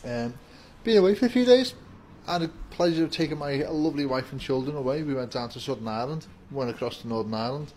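A man's voice: medium pitch, lively intonation, fast talker, darkish tone, a little hiss or hum. A man chatting casually to camera from inside his shop, upbeat and rambling. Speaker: vape shop worker greeting viewers. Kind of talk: casual vlog chat to camera. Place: inside a shop with the door open. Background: faint music in the shop.

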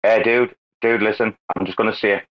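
A man hosting a crypto talk space, brash and excitable, swearing constantly in casual banter. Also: fairly low pitch, normal speed. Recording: lo-fi online call audio.

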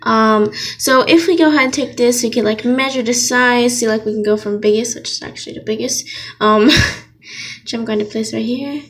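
A woman's voice: a little high, moderate pace. A young woman giving a rambling, giggly casual drawing tutorial, often laughing and interrupting herself. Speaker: vlogger. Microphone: phone.

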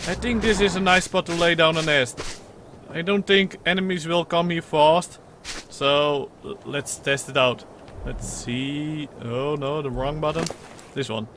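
A young man hosting a let's play, talking excitedly over his gameplay with strings of repeated words, bursts of laughter, and playful lines as the mother creature he controls. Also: on the high side, a little hiss or hum. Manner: playfully role-plays as the mother creature in the game. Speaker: gaming channel host.

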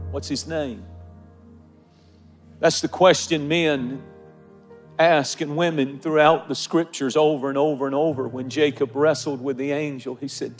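Emotional pastor preaching with soft music. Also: male voice, fairly high pitch. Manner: repetitive preaching cadence, building emphasis. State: emotional, near tears. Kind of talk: sermon. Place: large church auditorium, live congregation. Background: faint music.

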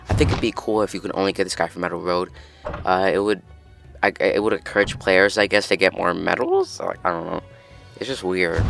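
A man hosting a casual game news update, talking excitably and rambling, often restarting his sentences. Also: deep voice, vocal fry. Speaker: gaming news host.

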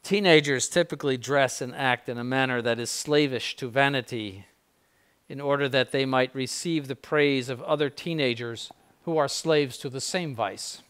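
A man's voice: mid-range voice, normal speed, a bit bright, smooth. Older guy, bishop giving a casual spiritual talk, blunt, wanders off on tangents. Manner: conversational and blunt, with asides and dry laughs. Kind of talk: informal spiritual lecture.

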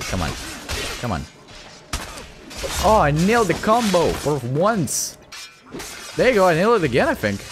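A young man with a Russian accent giving profane, mocking let's-play commentary. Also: a little high. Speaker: gaming channel host.

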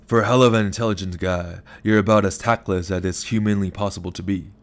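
A man voicing a weary gray-haired older man who speaks in a measured, patient, quietly firm way. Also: sits low, fairly even intonation, close to an everyday voice.

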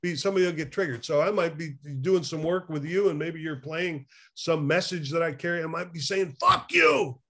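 A man talks through recovery work in a conversational interview, his voice sitting a little high for a man. He is animated and chuckles often, and he stops and restarts his sentences as he thinks aloud. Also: brisk, hardly any pauses. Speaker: recovery therapist, guest.

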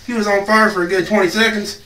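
A man's voice: high voice, fairly even intonation, fast talker, bright, forceful tone, slight background noise. A man doing a crude rowdy storyteller. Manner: profane, rambling storytelling. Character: crude rowdy working-class man spinning a tall tale. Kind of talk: comedic monologue. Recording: echoey room, far from mic.

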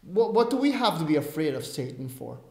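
A man's voice: on the high side, very animated, brisk, gravelly. A man preaching a sermon, emphatic and given to self-aware asides. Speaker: pastor. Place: church. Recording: roomy church echo.

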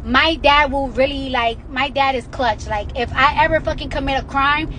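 A woman livestreaming from inside a moving car, talking brashly and excitably, swearing and repeating herself. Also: sits high, normal speed, slight background noise. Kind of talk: casual livestream chat.

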